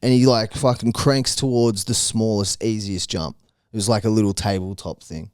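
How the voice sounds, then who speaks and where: A young Australian man co-hosting a podcast, relaxed and sweary as he tells stories. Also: on the low side, normal speed, no room sound, clean studio sound. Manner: laid-back, sweary storyteller. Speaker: podcast co-host. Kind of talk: casual chat.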